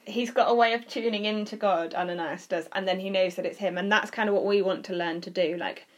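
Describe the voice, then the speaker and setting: A woman's voice: mid-range voice, fairly even intonation, a little fast. A woman leading a youth group session, explaining ideas in a chatty, teasing way with lots of fillers. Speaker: youth leader. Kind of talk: casual teaching chat.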